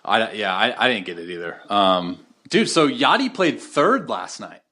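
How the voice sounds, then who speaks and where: A young man in his twenties co-hosts a podcast, chatting casually in slang with many fillers and restarts. His voice is on the low side yet bright and forceful, very animated at a moderate pace.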